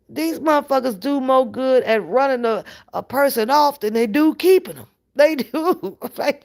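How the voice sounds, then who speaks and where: A woman hosting her own channel in a casual, profane livestream rant, animated and laughing often. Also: high voice. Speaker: channel host.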